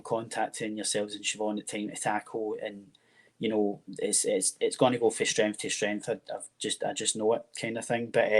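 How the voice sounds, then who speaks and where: A Scottish man hosts a casual interview with a friendly manner. His voice sits low and stays level. He often falls back on the same habitual phrase. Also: poor audio. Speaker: host.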